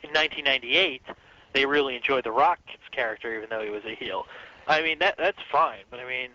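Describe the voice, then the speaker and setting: Wry, bright-voiced male co-host. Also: mid-range voice, a little fast. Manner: wry, sarcastic. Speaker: podcast co-host. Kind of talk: casual wrestling chat. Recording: dull lo-fi podcast audio.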